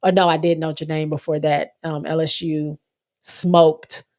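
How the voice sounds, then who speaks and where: This is a young woman with a slightly low-pitched voice. She hosts a relaxed sports livestream in a loose, chatty way, reading viewer comments aloud and correcting herself as she goes. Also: measured pace. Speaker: livestream host. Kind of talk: casual sports chat livestream.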